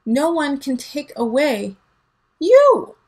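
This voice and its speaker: A woman's voice: a little high, a little slow, slightly rough, rough recording. A woman giving a casual tarot reading, emphatic and teasing, laughing often, with a son at home. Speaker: tarot reader.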